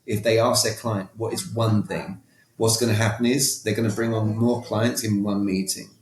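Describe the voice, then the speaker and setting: A man's voice: on the low side, flat delivery, moderate pace, reverberant. A man talking as a podcast guest, emphatic and coaching in tone, often repeating words and asking rhetorical questions. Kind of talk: conversational coaching talk.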